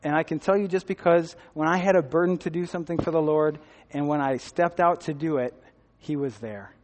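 A man's voice: a little high, a little fast, darkish tone, big-room sound. A man giving a personal testimony to a church group, telling his story with quoted dialogue and laughter, then urging listeners toward ministry. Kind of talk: testimony sermon.

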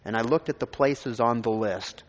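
A man from Minnesota, preaching his own testimony in loose, rambling storytelling and often restarting his sentences. His mid-pitched voice rings out with the long reverb of a large church hall. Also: normal speed. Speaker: pastor. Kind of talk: personal testimony in a sermon.

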